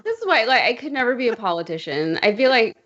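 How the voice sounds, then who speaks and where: A woman's voice: a little high, sing-song, quick pace, a crowd in the background. A woman on a casual panel chat, chatty and giggly, making fun of herself. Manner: giggly, chatty, self-deprecating. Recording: dull lo-fi stream audio.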